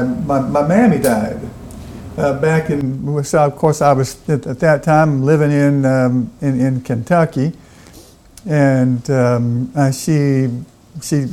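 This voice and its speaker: A man playing a folksy Abraham Lincoln with a Southern backwoods drawl, talking haltingly with many fillers and restarts as a podcast guest. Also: a little high, warm tone, roomy sound, low-quality recording. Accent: Southern American.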